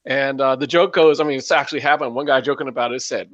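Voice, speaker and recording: A man's voice: medium pitch, steady tone, fast talker, fairly bright tone, no echo, dull audio. A man hosting a podcast in casual chat, telling a story in a laid-back way and chuckling. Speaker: podcast host.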